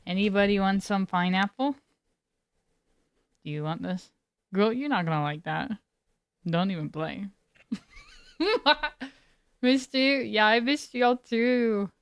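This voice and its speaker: A woman's voice: medium pitch, lively intonation, slow, pauses often, smooth, no echo. A woman streamer chatting casually with her live viewers, laid-back and giggly, greeting people by name. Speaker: game streamer.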